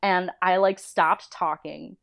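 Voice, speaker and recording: A woman in her thirties talks casually as a podcast guest, recalling her early career. Her voice sits a little low and sounds smooth and clear. She tells stories animatedly, laughing and slipping into the voices of the people she quotes. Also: steady tone, slow pace, a bit bright. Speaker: interview guest, storyboard artist. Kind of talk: casual chat.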